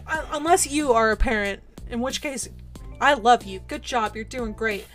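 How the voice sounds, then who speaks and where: A woman's voice: fairly high pitch, measured pace, faint music behind. Profane ranting woman streamer. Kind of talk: casual gameplay commentary and ranting.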